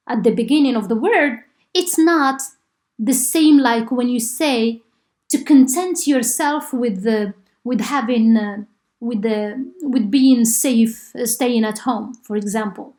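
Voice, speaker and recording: A woman from Morocco, an Arabic native speaker, teaches a university linguistics class. Her voice sits a little high, and she explains step by step, filling gaps with "uh" and checking understanding with "okay?". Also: darkish tone. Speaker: linguistics lecturer. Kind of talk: university lecture.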